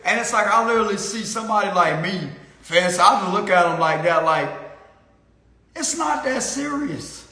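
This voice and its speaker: A man's voice: high voice, expressive, normal speed, vocal fry, pushed and bright, roomy sound. A man giving a casual spiritual reading, rambling and slangy and laughing often. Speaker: spiritual card reader.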